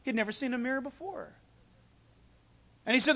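High-voiced man preaching a lively sermon. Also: moderate pace. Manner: animated storytelling, acts out quotes. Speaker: pastor.

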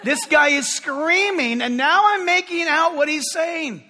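Male pastor, animated sermon storyteller, bright tone, long hall reverb. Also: extremely high pitch, a little slow. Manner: animated storytelling, addresses the congregation.

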